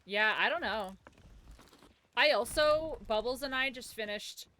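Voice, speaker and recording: A woman's voice: on the high side, moderate pace, pushed and bright. A young adult woman streaming a game, chatting casually with lots of "like" and the odd swear.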